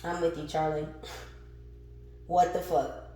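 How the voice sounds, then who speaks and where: A woman giving a casual spiritual tarot reading, animated and laughing, who swears freely and calls her viewers the collective. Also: low-pitched, unhurried, soft background music. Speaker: tarot reader. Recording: very echoey room.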